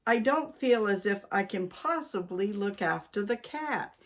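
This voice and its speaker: Woman reading a fretful older husband, slow-paced and complaining. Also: sits high, lively intonation, fairly bright tone, heavily acted. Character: fussy helpless older husband, grumbling.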